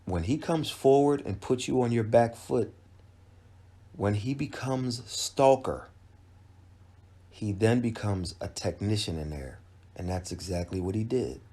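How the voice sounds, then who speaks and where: A man with a low, dark voice talks through a boxing fight in an unhurried way. He is a casual channel host, emphatic and conversational, and often restarts mid-sentence. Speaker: boxing commentator. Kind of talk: casual video commentary.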